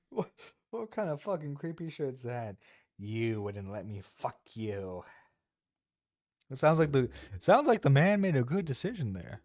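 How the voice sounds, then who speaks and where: Dude reacting to clips, talks slow, laughs a lot, dry close mic. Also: male voice, medium pitch, sing-song, darkish tone, dry recording. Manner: mocking, laughing, crude. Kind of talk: reaction commentary.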